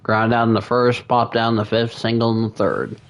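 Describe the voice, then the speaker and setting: A man streaming a baseball video game, casually calling the action in a relaxed, conversational way. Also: medium pitch, normal speed, muffled recording. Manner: relaxed, conversational, eating while talking.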